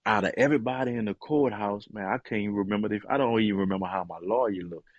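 Man, middle-aged, very low voice, husky, earnest emotional testimony, hesitant. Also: fast, no room sound, dull audio. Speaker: guest and author. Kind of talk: personal testimony in conversation.

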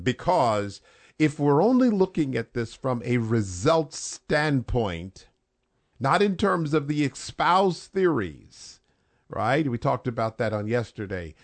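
Male pastor on radio, slow and deliberate, mid-pitched, lands each phrase with emphasis. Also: dry recording. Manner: measured, slow, emphatic, rises on key phrases. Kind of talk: preaching on a radio talk show.

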